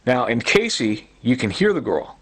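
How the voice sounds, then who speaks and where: A man's voice: medium pitch, sing-song, moderate pace, breathy edge. A middle-aged man giving a rambling, agitated personal testimony, full of fillers and repeats. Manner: agitated, repetitive, many fillers. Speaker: self-recorded complainant.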